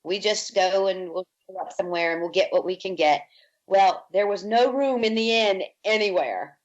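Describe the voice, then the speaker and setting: A woman's voice: mid-range voice, normal speed, dull audio. A woman from Virginia, a podcast guest, telling her life story in an interview and acting out the voices of the people she quotes. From Virginia, USA. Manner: lively storyteller who acts out quoted speech.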